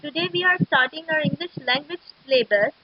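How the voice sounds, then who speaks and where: A woman teaching an English grammar lesson to schoolchildren, explaining slowly and methodically. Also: high-pitched. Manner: slow, explanatory, steady and methodical. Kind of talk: recorded classroom lecture. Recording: dull lo-fi recording.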